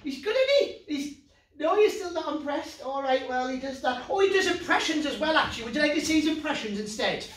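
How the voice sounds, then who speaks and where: Playful North East English man, children's magician, high-pitched, recorded roomy and distant. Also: fast. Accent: Geordie. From North East England. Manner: playful, excitable, talks straight to the kids at home. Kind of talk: children's comedy magic show.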